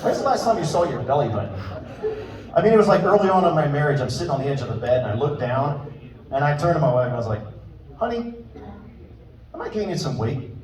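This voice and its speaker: A man's voice: fairly high pitch, lively intonation, fast talker, a little mellow. A man in his fifties doing self-deprecating stand-up storytelling on stage, acting out quoted voices. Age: 50s. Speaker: stand-up comedian opening a show. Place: stage in a hall with a live audience. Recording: echoey hall, mic heard from a distance. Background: audience laughter and room ambience.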